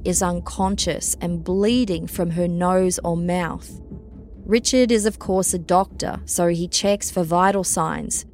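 A woman reading a scripted true-crime story in a measured, even storytelling manner. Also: on the low side. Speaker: narrator. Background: faint music.

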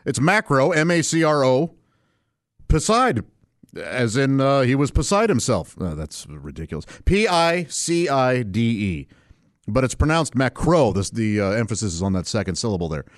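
Rambling casually through his solo podcast, a man keeps restarting sentences and chuckling to himself. His mid-range voice is sing-song at a moderate pace, and the recording is dry and clean, studio-grade.

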